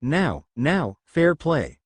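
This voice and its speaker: Brief: man voicing a teasing, bossy grown woman hero, raised pitch, dry read. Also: wildly swooping pitch, drawn-out words, husky, no echo, heavily acted. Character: flamboyant female adult hero referee, teasing.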